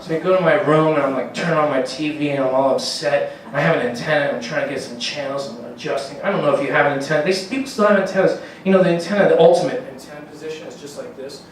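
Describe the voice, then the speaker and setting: A man's voice: on the high side, fast talker, few pauses, a crowd in the background. A man in his thirties doing a rambling, profane stand-up set, acting out his stories in raised voices. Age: 30s. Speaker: stand-up comedian. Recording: very echoey room, mic from a distance.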